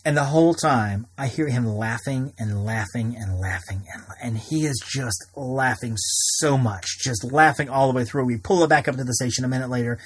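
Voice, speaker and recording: A man's voice: medium pitch, normal speed, hardly any pauses, breathy edge. A man in his thirties hosting a podcast, telling personal stories in a casual, rambling way with frequent restarts. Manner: rambling, many restarts and repeated words. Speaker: podcast host.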